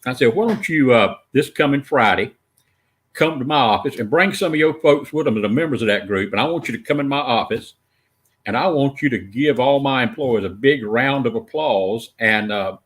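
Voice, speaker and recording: A man's voice: medium pitch, lively intonation, moderate pace. An older man with a Southern US accent, a guest telling a funny story in an easygoing, dry-humored way, chuckling now and then. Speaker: guest speaker. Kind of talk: casual storytelling chat.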